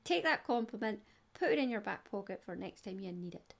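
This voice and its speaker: A woman's voice: mid-range voice, animated, fairly quick, gravelly. A middle-aged Scottish woman hosting a knitting podcast, chatty and digressive with giggles. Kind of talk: casual solo podcast chat.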